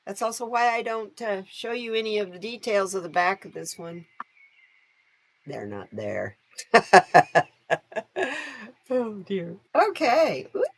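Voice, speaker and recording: A woman's voice: mid-range voice, big pitch swings, slow, long pauses. A woman hosting a live stream, talking casually while she reads cards. Her voice rises and falls a lot, and she laughs easily and greets viewers by name as she goes.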